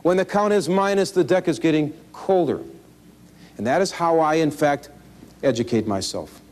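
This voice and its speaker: A man teaching card counting in an instructional video, talking in a folksy, animated way with self-deprecating humor. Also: on the high side, moderate pace. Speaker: blackjack instructor. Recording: 1980s VHS instructional tape.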